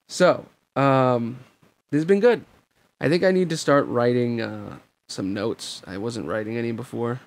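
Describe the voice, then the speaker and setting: A man's voice: mid-range voice, vocal fry. A man hosting a podcast where he reads a novel aloud, musing casually and self-deprecatingly on what he just read. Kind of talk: casual rambling afterthoughts.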